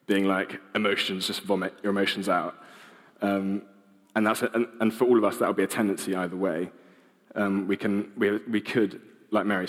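Young male preacher, relaxed and halting delivery, lowish voice, long hall reverb. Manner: casual, hesitant, many ums and restarts. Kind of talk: informal sermon.

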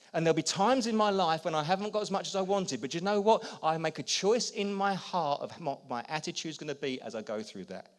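Animated preacher with lively swings. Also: male voice, mid-range voice. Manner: animated, acts out quotes, swings between loud and quiet. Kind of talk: sermon.

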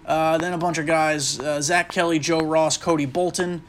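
Male host, casual gaming chat, slightly higher voice, rambling with lots of fillers, light hiss behind. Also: flat delivery, moderate pace, a bit bright. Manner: rambling, self-interrupting, with frequent fillers. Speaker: podcast host playing a baseball video game. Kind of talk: casual gaming commentary and speculation.

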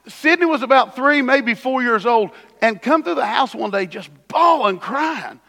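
A man's voice: very high-pitched, animated, measured pace, vocal fry, hardly any pauses, sharp tone. A man preaching a sermon as pastor in a church, conversational with sudden emphatic bursts. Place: church sanctuary. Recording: long hall reverb.

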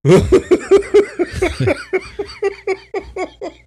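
A man's voice: extremely high pitch, sing-song, drawn-out words, dark tone, slight background noise. A young man co-hosting a podcast, chatting in a laid-back, rambling way and laughing often. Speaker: podcast co-host. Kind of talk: casual chat. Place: home office.

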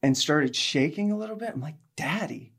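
A woman giving a sermon, telling a personal story with animated delivery and acting out the people in it. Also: low voice, fairly quick. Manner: animated, acts out quoted people, laughs while telling. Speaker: speaker giving a faith talk.

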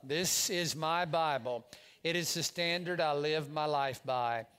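A male pastor preaching a sermon to his congregation, lively, with call-and-response phrases for the room to repeat. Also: a little high, a little slow, clean tone, soft background music. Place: church in front of a congregation.

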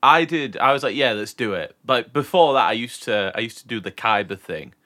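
A man's voice: mid-range voice, expressive, fairly quick, pushed and bright. A man co-hosting a podcast, chatting casually and mocking his own old skits. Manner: rambling, self-mocking. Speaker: podcast co-host. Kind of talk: casual chat.

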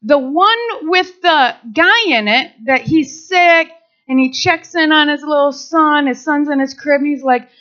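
Woman, sermon, very high voice, bright, playful, acts out scenes. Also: measured pace. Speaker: women's ministry speaker. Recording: dull lo-fi recording.

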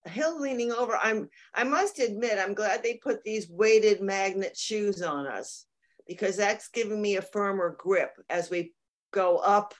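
A woman's voice: medium pitch, measured pace, close to an everyday voice. A woman playing a sincere partner in an improvised comedy scene who airs small grievances. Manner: earnest, then pointedly complaining. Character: earnest woman giving a keepsake, passive-aggressive.

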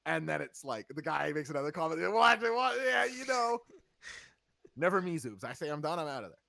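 A man's voice: on the high side, fast, gravelly, a bit bright, dry recording, studio quality. A man hosting a casual podcast, reviewing wrestling with sarcasm and acting out quotes in funny voices. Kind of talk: casual chat.

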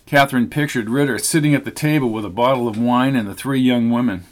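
A man's voice: medium pitch, quick pace. Man reading an audiobook steadily. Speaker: audiobook narrator. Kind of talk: scripted narration.

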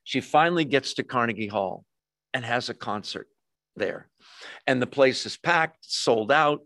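A man's voice: medium pitch, animated, a little slow, bright, forceful tone, dry recording. A middle-aged man, a pastor, preaching a sermon in a conversational way, with jokey asides to the congregation.

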